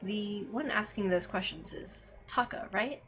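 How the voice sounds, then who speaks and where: A woman voicing an earnest, childlike computer program that talks in a polite, calm, analytical way. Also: mid-range voice, a little slow, music in the background, lightly acted.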